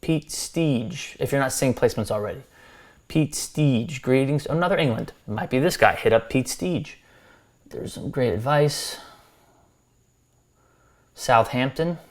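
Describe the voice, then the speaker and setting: A man's voice: medium pitch, measured pace, long pauses. An American man reviewing subscribers' music, talking loosely with restarts and friendly advice. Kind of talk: casual spoken critique.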